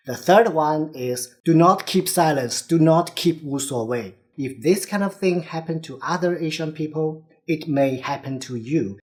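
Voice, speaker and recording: Earnest man with a Chinese accent. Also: a little high. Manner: earnest, urgent and exhortative. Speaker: vlogger. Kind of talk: direct-to-camera commentary.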